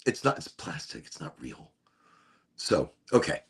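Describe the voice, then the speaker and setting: Gravelly, husky man rambling playfully. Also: very deep voice, very animated, measured pace. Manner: rambling, playful, self-amused. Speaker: podcast host. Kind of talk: casual stoned monologue.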